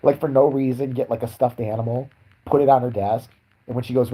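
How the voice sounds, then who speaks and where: A man's voice: medium pitch, fast talker, warm tone, slightly rough, poor audio. A young man ranting in a crude, sarcastic, profane way as a podcast host. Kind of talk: crude comedic rant.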